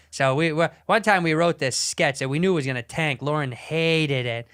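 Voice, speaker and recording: Man telling a story, smooth and resonant. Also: fairly high pitch, normal speed, few pauses. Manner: animated, profane, rambling. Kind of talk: casual storytelling.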